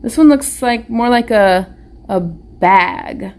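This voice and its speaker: Patient woman teacher, slightly high voice, very slow and encouraging with young kids. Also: darkish tone. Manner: patient, encouraging, speaks slowly with questions to children. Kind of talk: live online phonics lesson for young children.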